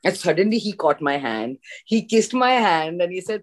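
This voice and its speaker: A woman from India, an actress, telling an animated story in a casual interview, acting out the dialogue. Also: on the low side, moderate pace, hardly any pauses. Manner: animated anecdote with acted-out dialogue and laughs. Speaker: guest actress.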